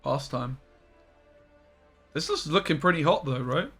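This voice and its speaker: Excitable streamer yelping in surprise. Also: male voice, fairly high pitch, a little slow, breathy edge, soft background music. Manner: excitable, bursts into loud surprised yelps. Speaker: game streamer. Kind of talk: live-stream commentary.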